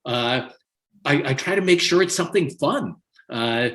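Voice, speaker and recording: An older man sits in as a guest, telling his stories in a lively, animated way and breaking into laughter as he goes. His voice sits at an everyday, middle pitch. He talks in a loose, conversational style. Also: a little slow. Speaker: podcast guest. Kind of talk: conversational storytelling.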